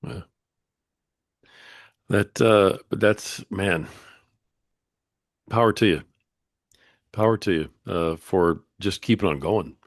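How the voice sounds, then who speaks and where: A man's voice: sits low, slow, long pauses, no room sound, clean studio sound. A man hosting a podcast, talking casually and encouraging his guest, calling him "brother.". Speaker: podcast host. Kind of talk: casual interview chat.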